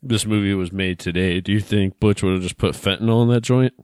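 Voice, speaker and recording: A man's voice: fairly low pitch, a little fast, a little mellow, clear, resonant tone, dry recording, studio quality. A man co-hosting a podcast, joking in a laid-back way while discussing a film. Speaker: podcast co-host. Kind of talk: casual movie recap chat.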